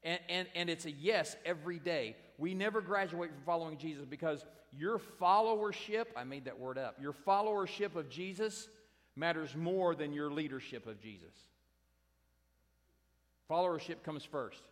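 A man's voice: fairly high pitch, animated, normal speed. A pastor preaching a sermon to his congregation, emphatic and direct, repeating his key phrases. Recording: long hall reverb.

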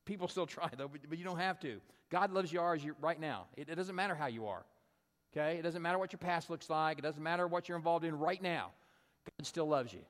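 A man's voice: on the high side, fairly quick, big-room sound. A man preaching a sermon in a conversational, storytelling way, often checking in with "right?". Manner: conversational storytelling, frequent "right?" tag questions. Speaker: pastor.

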